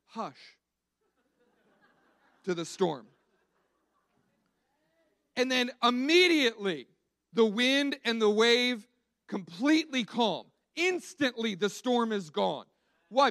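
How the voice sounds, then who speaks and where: A man's voice: extremely high pitch, fairly bright tone, no room sound. A man preaching a sermon in a conversational, emphatic way, often restarting and repeating words.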